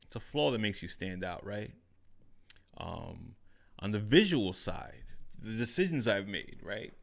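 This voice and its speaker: A man hosts his own podcast in a relaxed, reflective solo chat from a home studio with curtains behind him, speaking into a studio microphone on an overhead stand. His voice is lowish, unhurried and creaky, and he often repeats phrases with a questioning "right?".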